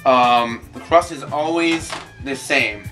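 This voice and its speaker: A man's voice: medium pitch, slow, sharp tone, soft background music. A man cooking and chatting casually, joking and swearing often. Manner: profane, joking, playful. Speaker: home cook guest. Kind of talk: casual cooking demo and chat.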